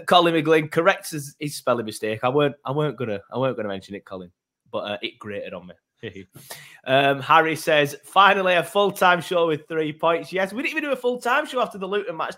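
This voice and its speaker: A man's voice: on the high side, fairly bright tone. A man, casually hosting a football fan podcast and reading out listener comments. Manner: chatty, reads out listener comments. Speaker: podcast host.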